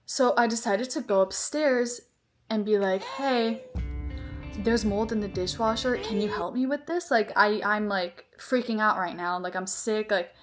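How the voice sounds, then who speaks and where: A woman's voice: medium pitch, normal speed, soft background music. Young woman vlogger, storytime, rambling and exasperated, filler-heavy. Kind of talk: storytime vlog.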